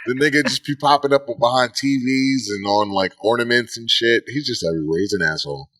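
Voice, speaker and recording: A man's voice: medium pitch, fairly quick, dry recording, studio quality. A man in his thirties with kids, co-hosting a podcast, joking and swearing as he tells stories in casual chat. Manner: joking, profane, animated storyteller. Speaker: podcast co-host.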